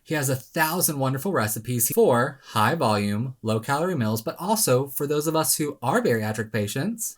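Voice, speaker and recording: A man giving casual weight-loss advice straight to camera, animated and self-mocking, with sudden dramatic jumps in pitch. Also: moderate pace, hardly any pauses.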